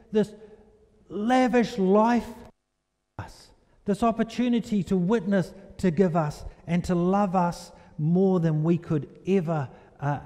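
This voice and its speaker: A man preaching a sermon in a church, animated and storytelling, asking the congregation questions. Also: high voice. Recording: echoey hall reverb.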